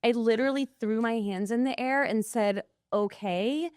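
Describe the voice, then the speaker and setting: A woman guest, an intuitive coach, telling a personal story in an interview, animated and acting out the people she quotes. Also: fairly high pitch, normal speed, smooth, no echo.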